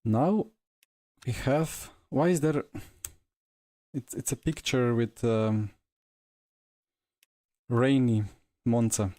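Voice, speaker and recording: A man's voice: mid-range voice, extremely slow, long pauses, dark tone, no echo. A man streaming a sim race, out of breath and chatting casually as he talks through the race. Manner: breathless, chatty and reflective after racing. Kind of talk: casual live commentary while sim racing.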